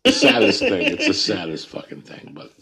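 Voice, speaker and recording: A man hosting a podcast, telling a story in a casual, profane, animated way. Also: deep voice, moderate pace, vocal fry, slightly rough. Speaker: podcast host.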